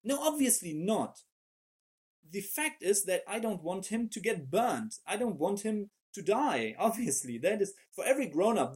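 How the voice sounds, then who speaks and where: A man preaching a sermon in an animated way, often repeating words as he searches for the right phrase. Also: a little high, slightly rough.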